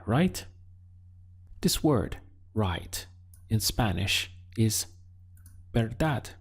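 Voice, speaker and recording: Man, Spanish teacher, low voice, unhurried, patient pauses, video lesson. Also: darkish tone, husky. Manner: slow, deliberate teaching with pauses for learner practice.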